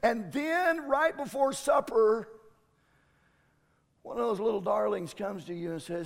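High-voiced, emphatic male preacher. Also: a little slow, vocal fry, long pauses, in a large hall. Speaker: pastor. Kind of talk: sermon.

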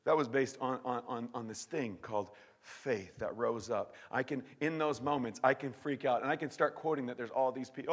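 A male pastor preaching a sermon in an animated, emphatic way, often repeating and restarting his words. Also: mid-range voice, moderate pace, in a large hall. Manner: animated, emphatic preaching with sudden shouts and drops to near-whisper.

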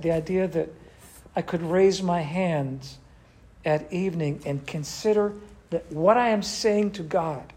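A man's voice: on the high side, darkish tone. An older man, a pastor, teaching a church class in a conversational way and asking the group questions.

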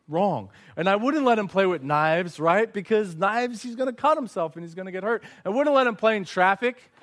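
Young man preaching, slightly high voice. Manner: lively storytelling, speaks straight to listeners. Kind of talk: sermon to a live audience.

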